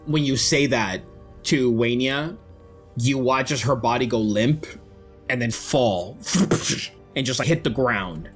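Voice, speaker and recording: A young adult man narrating a tabletop game as game master, with measured, descriptive delivery. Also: medium pitch, faint music behind.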